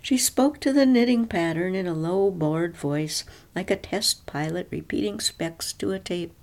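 A woman narrating a story in a measured, even storytelling manner. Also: lowish voice.

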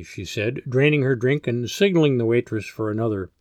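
A man reading a first-person story aloud in a measured, plain storytelling manner. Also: medium pitch, a little mellow, no echo, clean studio sound. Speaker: narrator. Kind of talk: first-person audiobook narration.

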